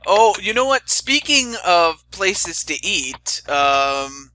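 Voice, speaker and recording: A man's voice: high voice, big pitch swings, slow pace, pushed and bright, no room sound. A young man hosting a casual chat, rambling with stammering restarts and fillers. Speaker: host.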